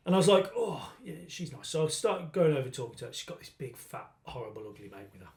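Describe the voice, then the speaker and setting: Crude animated British man telling stories. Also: on the high side, fast. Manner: crude, animated storyteller acting out quotes. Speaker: podcast host. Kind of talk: casual storytelling banter. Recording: echoey room.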